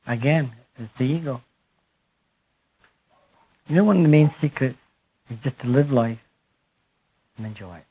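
Husky man giving a slow spiritual talk. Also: mid-range voice, narrow, tinny audio. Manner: slow, emphatic, trailing off softly at phrase ends. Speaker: speaker addressing a group. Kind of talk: spiritual talk to a live audience.

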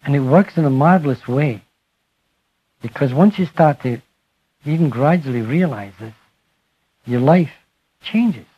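A man giving a spiritual talk to a live audience, speaking slowly and emphatically and letting his phrases fall away softly. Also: a little high, lively intonation, slightly rough, highs cut off. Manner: slow, emphatic, trailing off softly at phrase ends. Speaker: speaker addressing a group.

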